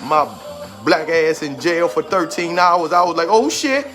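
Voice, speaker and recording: With music in the background, this motivational speaker, a man in his 30s, gives a forceful, repetitive talk as he fights back tears. His voice is fairly high, pushed and bright, with fairly even intonation and a slightly slow pace.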